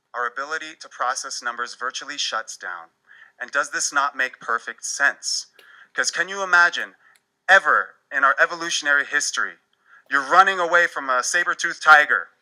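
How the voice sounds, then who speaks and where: Bright-voiced animated male speaker. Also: medium pitch, low-quality recording. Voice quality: animated, wry storytelling. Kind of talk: presentation talk.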